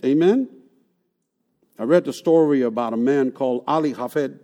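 A man preaching a sermon in an animated way. He asks rhetorical questions and repeats words for emphasis. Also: medium pitch, normal speed. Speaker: pastor.

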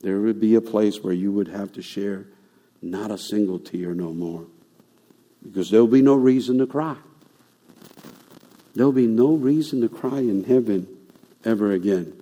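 Mellow-voiced preacher in a reverberant hall. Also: male voice, on the low side, moderate pace, pauses often. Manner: conversational preaching, rising to emphatic declarations. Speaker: pastor. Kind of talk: sermon.

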